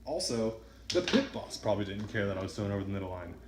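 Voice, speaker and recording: A man's voice: lowish voice, sing-song, quick pace, roomy sound, background noise. A man talking casually while throwing dice at home, rambling between throws and counting results aloud. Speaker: craps vlogger. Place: indoors at a home dice-practice setup.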